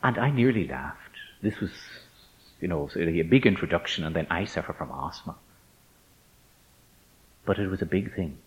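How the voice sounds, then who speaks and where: Brief: a low-voiced man giving a faith talk, measured and emphatic, lively intonation, dull hall recording. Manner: measured and emphatic, stretching key words. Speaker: speaker addressing ministers. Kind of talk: reflective faith talk with anecdotes.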